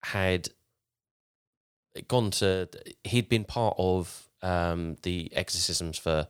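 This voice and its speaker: Man, very deep voice, casual storyteller, rambling, frequent restarts, podcast host. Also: extremely slow, clean tone. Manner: rambling, with frequent restarts while retelling a tale.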